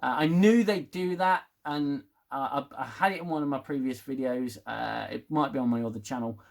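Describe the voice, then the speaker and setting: A man's voice: medium pitch, normal speed, gravelly, a little mellow. A man giving a rambling, casual spoken TV review, swearing and getting worked up as he talks. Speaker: TV review vlogger.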